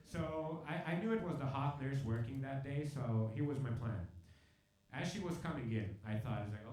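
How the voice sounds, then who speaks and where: A man's voice: mid-range voice, normal speed, very echoey, far from the mic. A man performing a stand-up comedy set, telling stories and acting out the people in them. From Hungary and South Africa. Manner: animated storytelling, acts out other people in quoted bits. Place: live comedy venue with a laughing audience.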